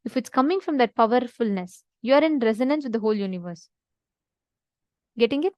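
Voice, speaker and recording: Brief: female spiritual teacher, higher voice, dry close sound, storytelling discourse that checks in with listeners. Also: lively intonation, brisk, dry recording, lo-fi sound. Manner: addresses listeners by name, asks rhetorical questions.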